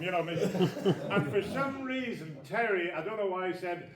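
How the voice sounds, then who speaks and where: A man's voice: high-pitched, animated, normal speed. An older man with a Northern Irish accent, joking and telling stories to an audience while performing snooker trick shots. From Northern Ireland. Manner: joking, chatty storyteller who laughs often. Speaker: snooker trick shot exhibitor. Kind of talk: live exhibition banter with the audience. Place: large echoey snooker hall with an audience. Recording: echoey hall, distant mic, crowd.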